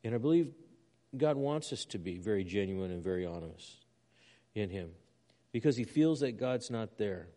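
A man's voice: on the low side, lively intonation, moderate pace, dark tone, long reverb tail. A man preaching a sermon as a pastor, reading scripture aloud with rising intensity.

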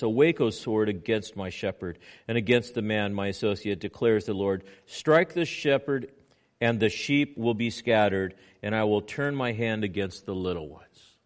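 A man preaching a sermon, animated, acting out little scenes in quoted voices. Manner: animated preaching with swings in pitch and loudness. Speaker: pastor.

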